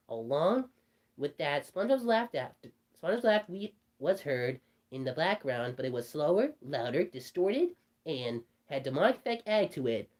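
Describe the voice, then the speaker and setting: Cartoon rabbit storyteller, voiced by a performer; rambling, restarts often, lively mellow delivery. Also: mid-range voice, lightly acted. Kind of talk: storytelling in character.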